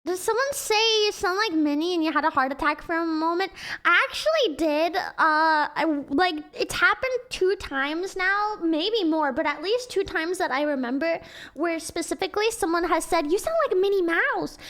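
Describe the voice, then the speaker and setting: A young woman streamer with a very high, childlike voice, chatting casually and giggling as she rambles. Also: moderate pace, fairly bright tone. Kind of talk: casual livestream chat.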